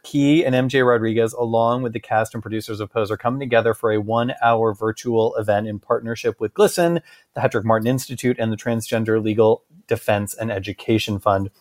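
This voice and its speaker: A man from Boston co-hosting a chatty podcast, playful and animated. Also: fairly low pitch, brisk. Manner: playful, animated, slips into joke voices. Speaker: podcast co-host. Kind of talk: casual chat.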